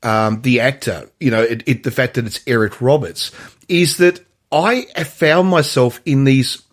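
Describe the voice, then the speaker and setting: A man co-hosting a movie podcast in casual conversation, often pausing and restarting his sentences. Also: mid-range voice. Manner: halting, many restarts and fillers. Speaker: podcast co-host. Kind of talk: casual movie review chat.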